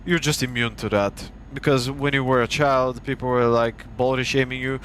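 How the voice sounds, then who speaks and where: A man's voice: mid-range voice, steady tone, moderate pace, few pauses, a bit bright, a little hiss or hum. A young man from Bulgaria, a streamer, ranting casually and profanely with a heated, mocking manner.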